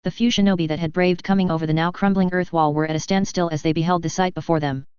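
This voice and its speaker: A reader narrating a first-person fan fiction story aloud in a brisk, even storytelling read. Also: mid-range voice, smooth, no room sound. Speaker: audiobook reader. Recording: dull lo-fi recording.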